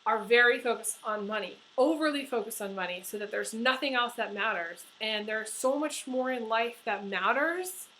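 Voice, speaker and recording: A woman's voice: on the high side, normal speed, hardly any pauses, bright, forceful tone, a little hiss or hum, poor audio. A woman giving a tarot horoscope reading, talking earnestly and emotionally with many fillers and restarts. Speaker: tarot reader.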